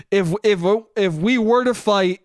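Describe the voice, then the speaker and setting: Young man chatting solo, slightly high voice. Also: no echo, studio quality. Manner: loose, profane and conversational, with frequent restarts. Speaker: podcast host. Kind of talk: casual solo storytelling.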